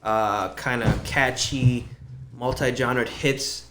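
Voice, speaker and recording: A man's voice: mid-range voice, steady tone, slow, fairly bright tone, echoey room, a little hiss or hum. A young man guesting on a podcast, telling stories in a loose, profane way with lots of fillers. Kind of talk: casual podcast chat.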